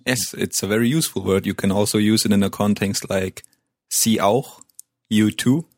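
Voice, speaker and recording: A man's voice: fairly low pitch, fairly even intonation, brisk, a little mellow, dry recording, clean studio sound. A man teaching in a language lesson, explaining patiently and simply.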